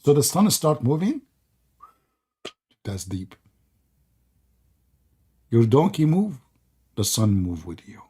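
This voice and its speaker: A man hosting a live debate call, mocking and sarcastic, laughing often and hoarse from talking for hours. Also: medium pitch, sing-song, slow pace, pauses often, mellow. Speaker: debate stream host.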